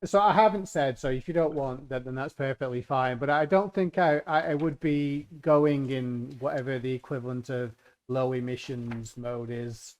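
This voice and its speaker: A man's voice: mid-range voice, normal speed, clear, resonant tone. A man talks through his plans as a player in a tabletop game. His talk is loose and rambling, with jokes along the way. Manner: rambling, jokey. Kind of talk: casual tabletop game chat.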